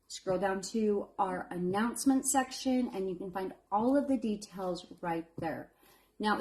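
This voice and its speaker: A woman's voice: medium pitch, a little mellow. Chatty nervous woman baker on a live stream. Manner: chatty and encouraging, calls viewers honey. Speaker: home baker hosting a live fundraiser bake. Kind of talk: casual live-stream chat.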